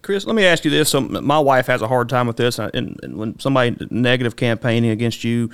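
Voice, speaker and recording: A man, co-hosting a podcast, asking questions in a rapid, stumbling way with many restarts. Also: medium pitch, smooth. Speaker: podcast co-host. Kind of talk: casual interview.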